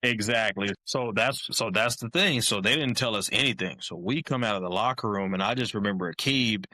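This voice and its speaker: A man's voice: lowish voice, a little fast. A man, a former college football player, telling casual stories as a podcast guest and often adding "man". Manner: animated, keeps saying "man". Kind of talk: casual storytelling.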